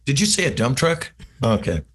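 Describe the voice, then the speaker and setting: Male musician guest, middle pitch, sarcastic ribbing, loose chat. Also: very animated, moderate pace. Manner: sarcastic, teasing, playful banter. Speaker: rock singer guest. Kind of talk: casual interview chat.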